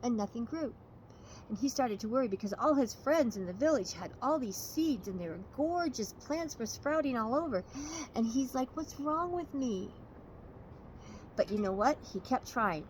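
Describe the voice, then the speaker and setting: A woman storyteller telling a fable with a moral in an expressive, lively way. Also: fairly high pitch, normal speed, a little hiss or hum, low-quality recording.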